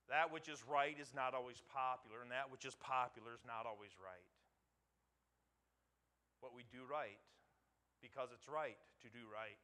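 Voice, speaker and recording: A male pastor giving a sermon, moving from calm teaching to loud emphatic preaching, repeating words and putting questions to the congregation. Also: medium pitch, smooth.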